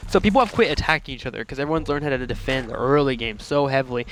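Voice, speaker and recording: Fast-talking young male esports caster. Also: medium pitch. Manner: chatty, joking banter with co-caster. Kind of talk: esports play-by-play commentary.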